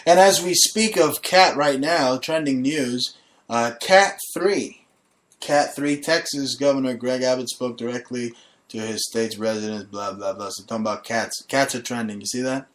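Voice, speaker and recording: A man's voice: medium pitch, fairly even intonation, moderate pace. A man hosting his own talk show, chatting casually in a brash, crude and mocking way. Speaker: radio show host. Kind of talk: casual crude comedy chat.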